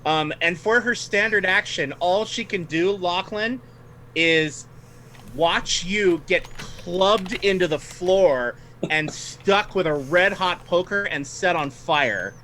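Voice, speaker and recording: Dm guy narrating the fight, friendly, bright voice, kinda high. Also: takes it slowly, slight background noise. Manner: friendly, narrates turns, laughs often. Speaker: game master. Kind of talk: running a tabletop game.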